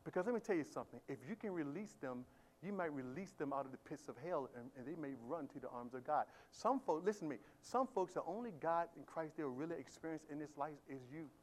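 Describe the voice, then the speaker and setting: A man preaching a sermon as pastor, swinging from quiet talk to loud shouted emphasis and asking the congregation questions. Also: fairly high pitch, lively intonation, fast, slight background noise. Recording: live church sermon audio.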